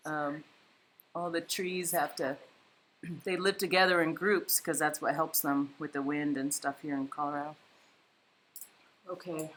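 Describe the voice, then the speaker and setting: A woman hosting a live painting stream from home, chatting casually, reading viewer comments aloud and thinking out loud as she paints. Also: low voice, fairly even intonation, normal speed, a little hiss or hum. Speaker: livestream painting host. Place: home, indoors.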